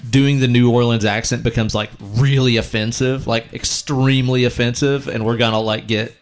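A man's voice: medium pitch, fairly even intonation, moderate pace, soft background music. A man hosting a casual podcast, laid-back and folksy, swearing freely. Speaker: podcast host. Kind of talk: casual chat.

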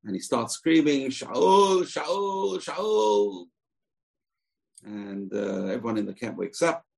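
A man's voice: lowish voice, expressive, normal speed, creaky, darkish tone, slightly rough, rough recording. A man teaching a scripture lesson in a chatty, digressive way, with side comments. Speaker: Torah teacher.

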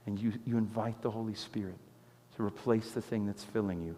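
A man preaching a sermon as pastor, telling stories with animated swings from loud exclamations to quiet intensity. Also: fairly low pitch, brisk, in a large hall. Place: church sanctuary.

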